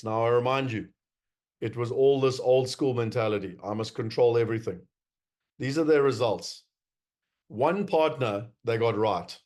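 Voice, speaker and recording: A man with a South African accent and a medium-pitched, darkish voice gives a presentation to investors. He's emphatic and wry, and he uses a lot of fillers.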